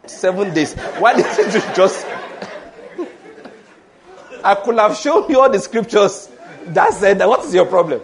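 Animated high-voiced preacher. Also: male voice, a little slow, long pauses, a faint crowd. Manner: animated and humorous, laughing often, acting out quoted voices. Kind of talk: sermon.

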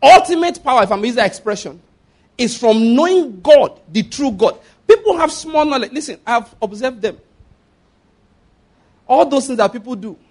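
A man's voice: very high voice, lively intonation, normal speed, darkish tone. A man preaching a sermon, emphatic, repeating his points and checking that listeners follow.

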